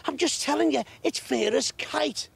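A man voicing an excited young girl who rushes in breathless to share news, gushing over every detail. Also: very high-pitched, creaky, voice pushed up, exaggerated voice. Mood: breathless excitement.

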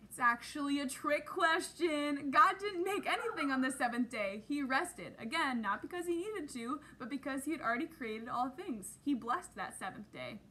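A woman's voice: high voice, expressive, moderate pace, hardly any pauses, sharp tone. A woman teaching a children's Bible lesson, upbeat and encouraging, leading the kids in call-and-response. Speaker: Sunday school teacher.

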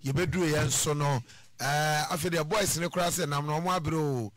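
Male radio host, high bright voice, gushing thank-yous. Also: steady tone, fairly quick. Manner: effusive, lots of thanks and shout-outs. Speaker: radio presenter. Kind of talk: radio talk show hosting.

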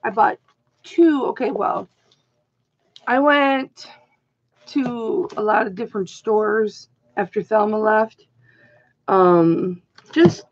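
Middle-aged woman vlogger, husky and unhurried, slightly dull lo-fi audio. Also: mid-range voice. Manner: rambling, animated retelling with quoted voices. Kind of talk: casual haul vlog storytelling.

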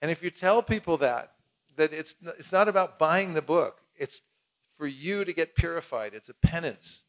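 A man's voice: fairly high pitch, moderate pace, fairly bright tone. Casual man teaching a seminar. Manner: casual, demonstrative, plain-spoken. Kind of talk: teaching seminar with role-play demonstrations.

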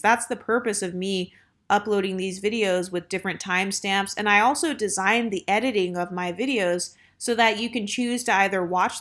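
A woman in her thirties talking casually to listeners in a self-help monologue, chatty and unhurried, with many fillers and a girlfriend-to-girlfriend tone. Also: mid-range voice.

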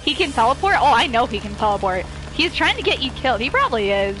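A woman giving live gaming commentary while playing with friends, excitable and panicky, laughing often. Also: fairly high pitch, fast, background noise. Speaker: gamer streaming with friends.

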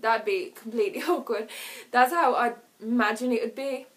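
A woman vlogger chatting casually to camera, giggling often and acting out little awkward scenes with quick voices. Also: a little high, fairly bright tone.

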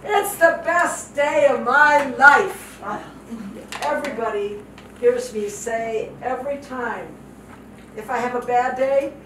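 An older woman preaching a testimony in an unhurried, emotional way, her voice sitting a little high. She sounds distant from the mic in an echoey hall, with noticeable background noise. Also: fairly bright tone. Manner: heartfelt and emotional, repeats phrases for emphasis. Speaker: guest speaker, missionary. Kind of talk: testimony sermon. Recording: echoey hall from far off, noisy.

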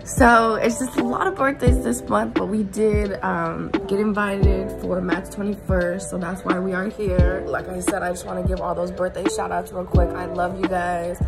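A woman in her twenties talking casually to her phone camera, slangy and chatty, giving shout-outs. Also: lowish voice, steady tone, normal speed, vocal fry, few pauses, loud music behind the voice. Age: 20s. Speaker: vlogger. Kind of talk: casual vlog chat.

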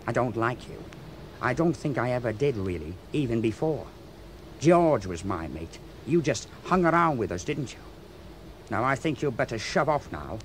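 Radio play: man voicing a taunting, threatening able seaman, middle pitch, animated delivery. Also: moderate pace, slight background noise, natural voice. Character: menacing, grudge-holding male able seaman.

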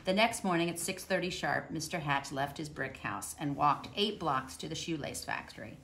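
A woman calmly reading a children's picture book aloud. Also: low-pitched, normal speed, creaky, a little hiss or hum. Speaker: storybook reader.

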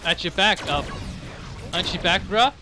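A man's voice: sits high, moderate pace. A young man giving casual, rambling gameplay commentary, laughing and swearing as he plays. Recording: gunfire and game noise behind.

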